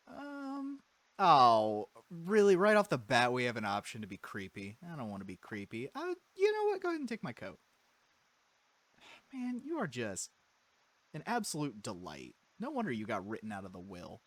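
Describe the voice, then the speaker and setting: A man's voice: mid-range voice, wildly swooping pitch, normal speed, a bit bright. A man playing a game and commenting on it, sarcastic and joking back at the story. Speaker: game player. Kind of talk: let's-play commentary.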